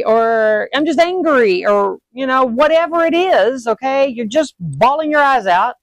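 A woman's voice: a little high, dry recording. Chatty woman teaching, dry close sound. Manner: chatty, checks in with "okay?" and "all right?" often; animated when acting out sudden emotions. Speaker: host teaching witchcraft. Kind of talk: casual instructional talk.

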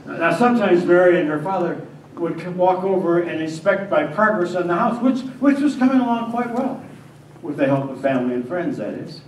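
A pastor acting out a devout young carpenter who tells his story in the first person. He stammers and speaks from the heart, sliding from a hush into agitation. His somewhat high voice comes from well away from the mic in an echoing church, over a faint hiss. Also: expressive, fairly quick, distant mic. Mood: earnest. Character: earnest young male carpenter, devout and shaken. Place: church sanctuary.

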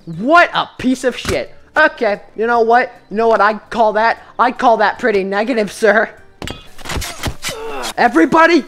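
A woman's voice: fairly high pitch, a bit bright. Playful, foul-mouthed woman gaming. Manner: playful, profane, chatting to game characters. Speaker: gamer. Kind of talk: comedic VR gameplay commentary.

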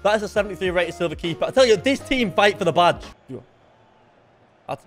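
A young man with a high, lively voice calls his own football video game match. He mutters quietly between plays and then erupts into excited shouts, with faint game music behind him. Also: quick pace. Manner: excitable, swings from low muttering to shouted outbursts. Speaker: gaming YouTuber. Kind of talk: live gameplay commentary.

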